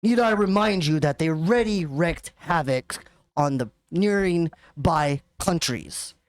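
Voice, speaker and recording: A woman's voice: low voice, animated, a little slow. A woman voicing a proud female trade merchant in a tabletop game. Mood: haughty.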